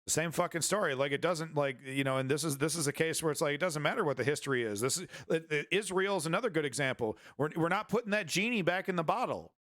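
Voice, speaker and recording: A man's voice: fairly high pitch, animated, fast, few pauses, a bit bright, no echo, studio quality. A man hosting a live-streamed news show, rambling through casual commentary with crude jokes and many restarts.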